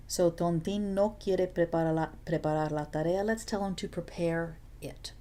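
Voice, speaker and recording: A Spanish teacher leads a recorded video lesson, patiently and clearly walking through each step and tossing in the occasional playful aside. Her voice is slightly low, mellow, and soft-edged.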